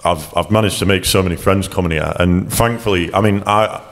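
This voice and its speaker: Deep-voiced man swearing through stories. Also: a little fast. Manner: swears a lot, laughs while telling stories. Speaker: podcast guest. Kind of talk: casual chat. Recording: long hall reverb.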